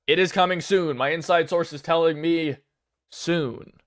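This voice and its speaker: A young man giving casual commentary on game news, rambling and excitable, with many fillers and restarts. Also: on the high side, fairly quick. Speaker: gaming video creator.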